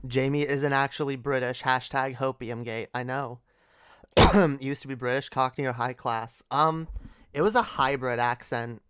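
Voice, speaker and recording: A young woman hosting a livestream speaks in a slow, unhurried drawl with a smooth, resonant voice. She rants sarcastically, swears freely and laughs often. The sound is dry and close, with no room echo. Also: very deep voice, fairly even intonation. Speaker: livestream host. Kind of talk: casual late-night livestream rant.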